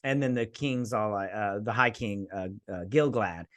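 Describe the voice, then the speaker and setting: A man's voice: on the low side, normal speed, dry recording. A man hosting a casual TV episode review, rambling and sarcastic. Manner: rambling, sarcastic, acts out characters. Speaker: show host reviewing a TV episode.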